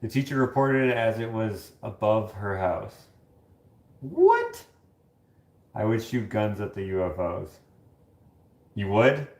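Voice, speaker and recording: A man with a lowish voice speaks at a measured pace, hosting a casual livestream from his kitchen. He reads chat, chats along, and tells rambling stories packed with fillers, and the room sounds echoey.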